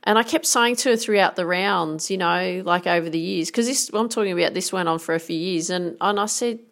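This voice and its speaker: Casting: middle-aged woman, golf coach, earnest and emphatic, with a touch of vocal fry. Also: on the low side, fairly quick. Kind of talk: motivational talk with anecdotes.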